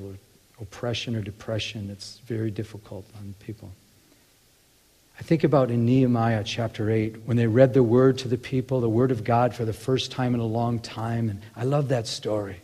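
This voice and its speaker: A man's voice: mid-range voice, little pitch movement, normal speed, mellow, long reverb tail. A man teaching from the Bible in a conversational sermon, often restarting and acting out little asides. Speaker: preacher.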